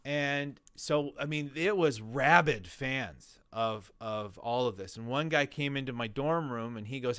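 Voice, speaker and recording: A man in his forties, a guest telling a long story in an interview, animated and rambling, full of restarts and acted-out quotes. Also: medium pitch, measured pace, hardly any pauses, clean tone, no room sound, clean studio sound. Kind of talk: conversational storytelling.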